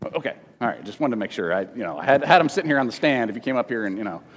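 A man teaching a Bible lesson to a congregation in a casual, halting way, often repeating words and slipping in jokes, at times emotional. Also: medium pitch, expressive. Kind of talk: informal teaching sermon with questions to the room. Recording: long reverb of a large hall.

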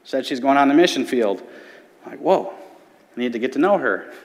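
Man, 30s, earnest church testimony, storytelling, mid pitch, long hall echo. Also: lively intonation, fast. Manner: earnest, storytelling with quoted voices. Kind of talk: personal testimony talk. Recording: hall reverb.

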